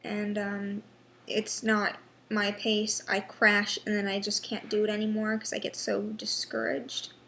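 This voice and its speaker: A young woman in a personal vlog, talking haltingly with many pauses and restarts, sounding frustrated and worn down. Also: mid-range voice, monotone, creaky, fairly bright tone, a little hiss or hum. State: unwell. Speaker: vlogger.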